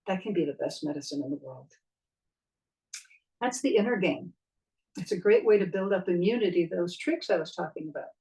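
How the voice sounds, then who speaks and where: A middle-aged woman voice coach giving a spoken lesson, expressive and demonstrating vocal techniques as she talks. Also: lowish voice, far from the mic, rough recording.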